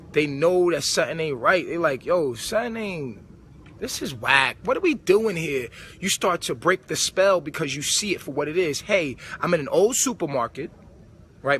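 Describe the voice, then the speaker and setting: A man's voice: a little high, fairly bright tone. A man with a slightly raised voice talks in a streetwise, preachy way, leaning on slang and emphasis. A faint hiss of ambience sits under his voice. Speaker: spiritual vlogger. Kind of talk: casual spiritual monologue. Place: old supermarket converted to a club.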